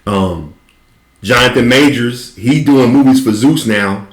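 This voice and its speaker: A man's voice: mid-range voice, a little slow, reverberant. A man hosting a casual chat, loose and profane, laughing often. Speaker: host.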